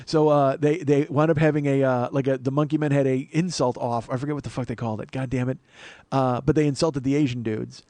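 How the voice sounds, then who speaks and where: A middle-aged man hosting a comedy podcast, rambling through a solo monologue with self-mocking asides and sudden bursts of loud mock-outrage. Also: medium pitch, fairly even intonation, a little fast, few pauses, dry recording. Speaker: podcast host.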